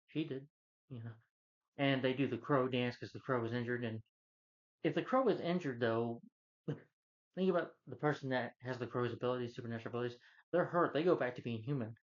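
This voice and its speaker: A man's voice: mid-range voice, lo-fi sound. A man rambling through a casual, profane movie review rant, full of fillers and restarts. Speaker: film reviewer.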